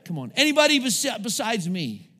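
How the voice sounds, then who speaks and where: A man's voice: high voice, wildly swooping pitch, moderate pace, sharp tone, big-room sound. A male pastor preaching a sermon to his congregation, calling out to them and asking for responses as he goes. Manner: preaching with call-outs to the congregation. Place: church sanctuary.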